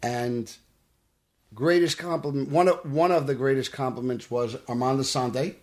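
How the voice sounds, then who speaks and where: A man tells his story in earnest, at an ordinary middle pitch. He slips into the voices of the people he quotes, as a guest in a studio interview. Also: steady tone, moderate pace, darkish tone. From Brooklyn, New York. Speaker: actor guest. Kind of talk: casual podcast interview.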